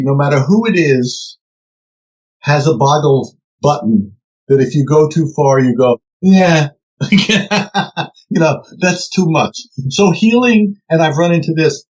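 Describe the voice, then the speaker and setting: Older man telling lively stories. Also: on the high side, dull audio. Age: 70s. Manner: animated storyteller who acts out quoted voices. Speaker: researcher guest. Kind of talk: conversational interview.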